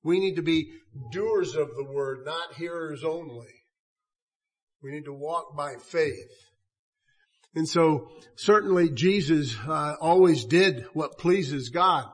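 Male preacher, high husky voice, earnest and halting delivery, sermon read.

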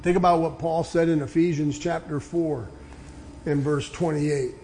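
A man preaching a sermon, earnestly explaining scripture and reading passages aloud with slow emphasis. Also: a little high, steady tone, warm tone, slight background noise.

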